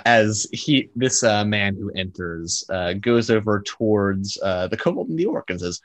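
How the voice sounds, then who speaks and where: Deep-voiced male game master. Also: moderate pace, fairly bright tone, dry recording. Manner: loose, filler-heavy description. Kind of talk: narrating a tabletop game.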